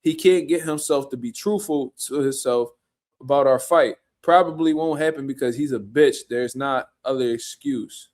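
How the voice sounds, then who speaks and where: A man's voice: medium pitch, normal speed, darkish tone. A man hosting a casual boxing reaction show, ranting bluntly in slangy, profane talk. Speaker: boxing commentary show host.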